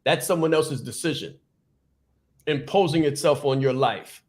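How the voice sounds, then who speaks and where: A man hosting a podcast, giving a fast, emphatic motivational talk, repeating his points and stumbling over words without stopping. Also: on the high side, darkish tone. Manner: fast, repetitive, emphatic preaching. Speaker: podcast host and business coach. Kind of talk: motivational speech.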